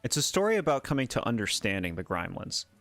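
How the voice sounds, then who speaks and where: A man's voice: mid-range voice, big pitch swings, quick pace, a bit bright, no room sound, soft background music. A man streaming a game, giving casual let's play commentary and often laughing at what happens on screen. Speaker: gaming streamer.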